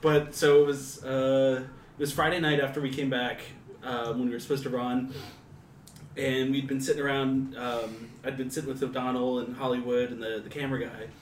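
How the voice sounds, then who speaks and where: A man telling a story haltingly, with many ums, in casual podcast chat. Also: mid-range voice, level tone, far from the mic, slight background noise. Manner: hesitant, filler-heavy storyteller. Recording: roomy echo, off-mic, faint ambience.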